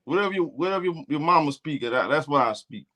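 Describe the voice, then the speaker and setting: Southern man with an Alabama accent, high, bright voice, blunt, profane sports-stream host. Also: expressive, fast. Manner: blunt, profane trash talk. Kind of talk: casual live game commentary.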